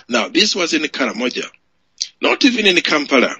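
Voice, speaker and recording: A man's voice: a little high, big pitch swings, brisk, pushed and bright, husky, dry recording. A man from Uganda giving an emphatic political speech to supporters, repeating phrases for effect. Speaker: political speaker. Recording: muffled lo-fi audio.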